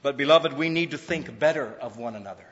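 A man's voice: medium pitch, quick pace, a bit bright. A man preaching a sermon, stressing his points with rising, repeated phrases. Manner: preaching with rising emphatic repetition. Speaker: pastor. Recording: muffled sound with long hall reverb.

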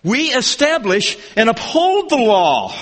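Animated man preaching in a reverberant hall. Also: very high-pitched, slow pace. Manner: animated, emphatic, rising to near-shouts for questions. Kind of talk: expository sermon.

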